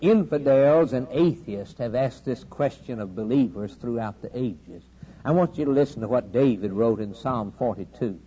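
A man preaches with a dark, mellow voice and a steady pulpit cadence that builds to loud, pressing repeats. The recording is dull and lo-fi, with a faint hiss underneath. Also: medium pitch. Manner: preaching cadence, rising to loud emphatic climaxes, dramatic pauses. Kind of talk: sermon.

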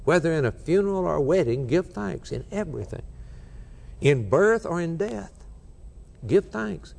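A man preaching a sermon with fervor, swinging between soft, low passages and emphatic peaks. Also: animated, normal speed, creaky, big-room sound.

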